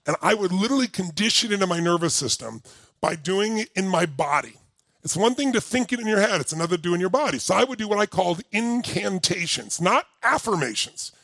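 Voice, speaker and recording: High-pitched gravelly man, emphatic speaker. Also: no echo. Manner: animated, emphatic storytelling that rises to near-shouting. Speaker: motivational speaker. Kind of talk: live seminar talk to an audience.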